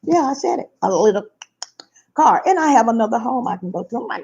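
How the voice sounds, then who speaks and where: A woman tells a personal story, her husky, gravelly voice rising and falling all over. She talks emphatically and repeats her phrases for weight. The recording is dull and lo-fi. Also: a little high, very animated, brisk, a little mellow. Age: 50s. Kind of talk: casual storytelling to viewers.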